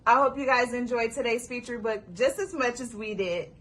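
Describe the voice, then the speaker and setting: Expressive woman reading a picture book aloud. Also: fairly high pitch, moderate pace. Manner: warm, expressive, addresses kids directly. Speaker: storyteller.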